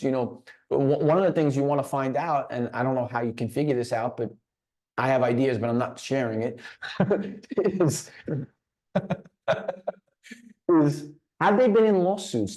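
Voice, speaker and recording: A man's voice: mid-range voice, unhurried, mellow. A man speaking as a guest in a business leadership session, telling a story with frequent restarts and repeated words. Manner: storytelling, repeats words when starting phrases. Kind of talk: motivational talk.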